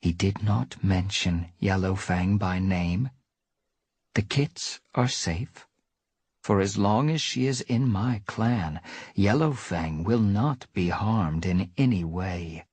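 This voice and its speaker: A man voicing a stern she-cat clan leader in a measured, menacing way during a live reading of a cat novel. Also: low voice, a little mellow, slightly rough, no echo, exaggerated voice. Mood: icy calm.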